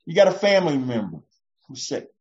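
A woman's voice: low-pitched, very animated, brisk. A woman pastor giving a conversational, reassuring sermon, acting out short voices as she goes. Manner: warm, reassuring, often acts out voices. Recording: dull lo-fi recording.

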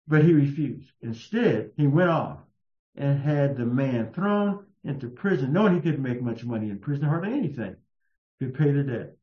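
A man preaching a sermon in a slow, emphatic storytelling manner. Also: a little mellow. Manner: slow, emphatic storytelling with raised-pitch quotes. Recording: echoey, muffled room sound.

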